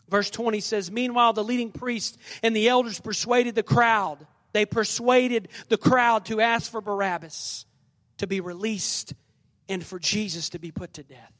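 A man's voice: high-pitched, steady tone, normal speed, a bit bright. A man preaching a sermon as pastor, leading the congregation in responses and reading scripture dramatically in a church. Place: church sanctuary. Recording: long reverb of a large hall.

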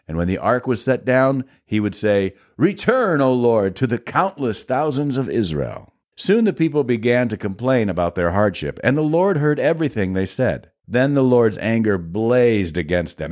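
A man reading scripture aloud in a measured, expressive delivery. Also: lowish voice. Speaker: Bible reader.

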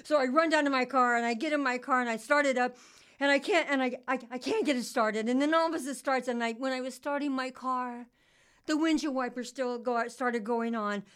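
An older woman telling a personal story in a halting, confessional way, with many restarts and repeats. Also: sits high, a bit bright, clear, resonant tone.

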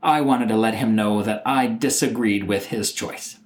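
A middle-aged man telling a personal story in an animated, exasperated way, sometimes mimicking other people. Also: lowish voice, normal speed.

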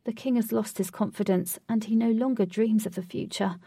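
A woman's voice: a little high, fairly even intonation, a little fast, warm tone, husky, no room sound, studio quality, recorded from a distance. A woman voicing Wraith, a serious male guide who patiently lectures his companion in a storybook reading. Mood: earnest.

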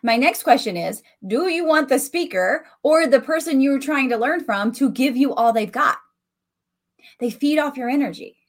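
A woman with a Southern US country accent hosts a casual solo podcast as a coach, recorded as a voice message. Her high voice has lively intonation and a moderate pace as she talks directly and animatedly to listeners.

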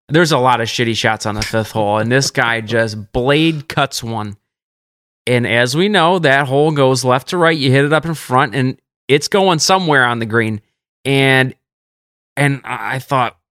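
A man co-hosting a casual podcast, telling stories with lively energy and jumping up in pitch whenever he quotes someone. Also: no echo, studio quality. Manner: animated storyteller, jumps up in pitch for quotes. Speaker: caddie podcast co-host. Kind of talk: casual storytelling chat.

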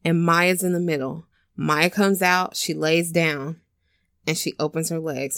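A woman whose voice sits low and a bit bright recaps a film in unhurried casual chat, with fairly even intonation. The studio sound is clean with no echo, and she's a chatty storyteller, stuffing in "like"s and fillers while acting out scenes.

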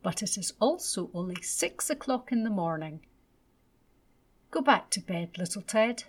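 A woman voicing a sleepy, gently teasing young mother. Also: mid-range voice, animated, a little slow, slightly rough. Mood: gentle.

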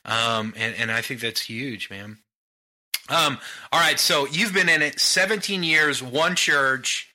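Male podcast host, relaxed chatty manner, very bright voice. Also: medium pitch, takes it slowly. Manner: relaxed, friendly, many fillers like "like" and "um". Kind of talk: casual podcast conversation.

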